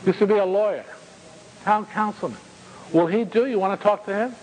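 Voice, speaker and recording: A man voicing a brisk, wisecracking female hospital nurse. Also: high-pitched, a little mellow, voice pushed up, close to an everyday voice, low-quality recording. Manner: quick, wisecracking. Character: brisk, sharp-tongued hospital nurse, a woman.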